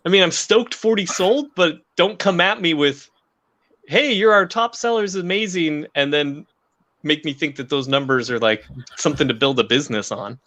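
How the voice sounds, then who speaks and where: Laughing, animated man telling stories. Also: fairly high pitch, moderate pace. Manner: animated storyteller, laughs often, acts out quotes. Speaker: comic book creator and co-host. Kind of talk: casual chat.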